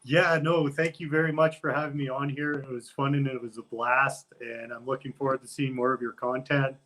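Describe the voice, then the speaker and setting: A man's voice: mid-range voice, level tone, brisk, a bit bright. A man as a guest on a casual interview podcast, talking in an easygoing, upbeat way.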